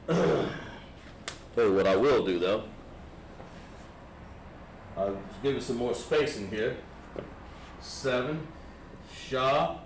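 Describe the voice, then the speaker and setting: A man with a Southern American accent, patiently explaining a lettering lesson step by step to a class. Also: medium pitch. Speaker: Hebrew lettering teacher. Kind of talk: classroom instruction. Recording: echoey room with background noise.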